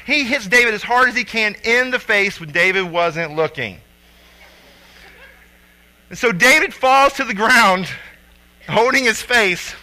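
A man in his thirties, a father and youth coach, telling a personal story with lively acted-out quotes. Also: high voice, poor audio. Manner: animated storyteller acting out quotes loudly.

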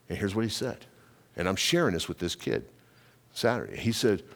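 A man in his fifties preaching a sermon, telling a folksy story and building to loud, fervent preaching. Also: on the low side, expressive, fast talker. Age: 50s. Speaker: pastor.

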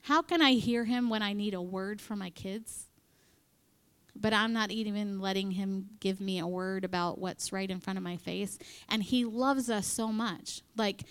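Her voice sits at medium pitch, a bit bright, clear and resonant, and she talks a little slowly. She is giving a conversational, chatty sermon to a women's church group in front of a live audience, voicing quotations and slipping into whispers for asides.

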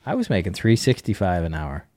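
In this rich podcast chat, a middle-aged man explains things in an animated, chatty way, acting out little bits of dialogue. His voice sits on the low side, and the sound is close and dry. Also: brisk, no echo. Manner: animated, acts out dialogue, chuckles often. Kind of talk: casual podcast conversation.

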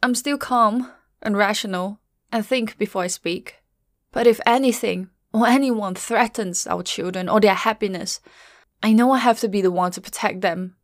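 A middle-aged woman narrating a first-person story in a quiet, measured, grieving way. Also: medium pitch, no echo, studio quality.

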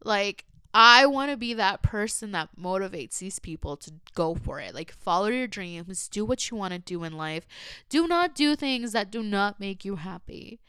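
A woman's voice: medium pitch, lively intonation, normal speed, bright, forceful tone, smooth, no room sound, studio quality. A young woman hosting her own podcast, casual and earnest, chatting lots of "like" and slipping into phrases. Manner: emotional and earnest. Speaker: podcast host. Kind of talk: casual solo podcast chat.

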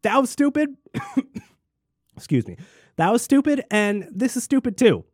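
A man's voice: extremely high pitch, sing-song, measured pace, breathy edge, no room sound, studio quality. A man ranting angrily in political commentary, swearing constantly and mocking people in sneering voices. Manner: angry, profane, mocking mimicry.

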